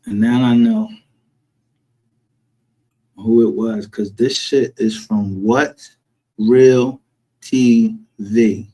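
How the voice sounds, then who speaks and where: A man's voice: mid-range voice, animated, extremely slow, creaky, long pauses, mellow, low-quality recording. A man ranting in a casual livestream commentary, profane, heated and rambling as he calls people out. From northern United States. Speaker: streamer. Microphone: home streaming setup.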